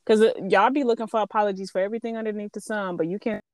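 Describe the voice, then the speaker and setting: A woman's voice: medium pitch, fairly even intonation, racing, no echo. A woman and mother speaking in a casual chat, blunt and emphatic, swearing freely. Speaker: podcast co-host and mother.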